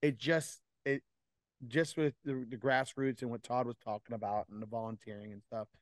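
A man's voice: mid-range voice, steady tone, moderate pace, no echo. Earnest man co-host, dry close sound. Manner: earnest, repeats words while searching for phrasing. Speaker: wrestling coach and podcast co-host. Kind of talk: casual podcast chat.

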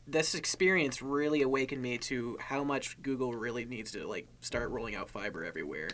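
Bright-voiced young man, animated storytelling. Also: medium pitch, brisk, a little hiss or hum. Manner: animated storyteller, mimics people in his anecdotes. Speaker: podcast co-host. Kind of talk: casual chat.

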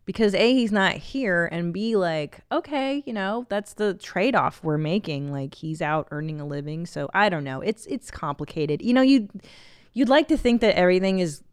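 A woman's voice: fairly low pitch, moderate pace, clean tone, no room sound, studio quality. Candid middle-aged woman podcast host. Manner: candid, animated, profane, laughs often. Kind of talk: casual podcast chat, reading a listener email.

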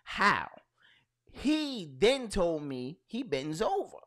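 A man co-hosting a podcast, talking in loud, animated, profane banter and storytelling. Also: high-pitched, slow. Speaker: podcast co-host. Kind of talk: casual banter.

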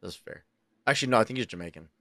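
A man from New York co-hosting a podcast, telling stories in a loose, animated, profane way and jumping into high excited voices when he quotes himself. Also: very fast, creaky, no room sound. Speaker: podcast co-host. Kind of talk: casual chat, storytelling.

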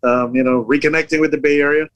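A man in his fifties, born in the Philippines and raised near San Francisco, chatting as a comedian guest in a relaxed, slangy way with frequent chuckles. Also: a little high, fast talker, clear, resonant tone, no room sound, poor audio. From Philippines, raised in South San Francisco. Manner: laid-back, chuckling, slangy. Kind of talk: casual interview chat.

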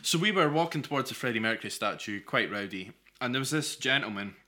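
A man's voice: medium pitch, animated, fast talker, pushed and bright. A Scottish man co-hosting a podcast, telling a long anecdote in a rambling way with dry humour. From Scotland. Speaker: podcast co-host. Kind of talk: casual storytelling chat.

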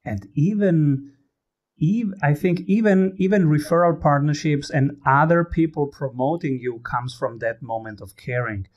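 A man's voice: fairly high pitch, a little slow, darkish tone, highs cut off. A man from Italy, hosting a casual interview in a conversational way, with slightly phrasing. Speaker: podcast host.

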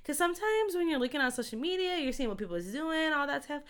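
A woman co-hosting a casual chat, chatty and quick to laugh, who says she talks fast. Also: sits high, expressive, a bit bright. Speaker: co-host.

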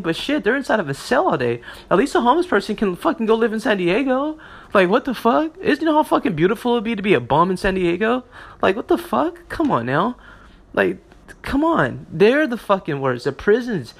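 A man's voice: high-pitched, a bit bright. An American man delivering an impassioned, profane monologue to his listeners, heated and full of restarts. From United States. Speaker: vlogger.

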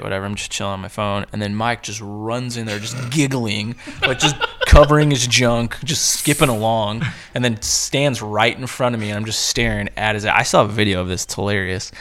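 Bright-voiced young man telling rowdy stories. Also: lowish voice, fairly even intonation, a little fast, few pauses, a little hiss or hum. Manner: profane, rambling, laughing through his own stories. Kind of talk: casual storytelling among friends.

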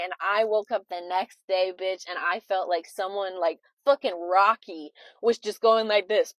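A young woman hosting a podcast in a casual confessional chat, dramatic and expressive, swearing freely. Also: mid-range voice, normal speed, few pauses, no echo. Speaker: podcast host.

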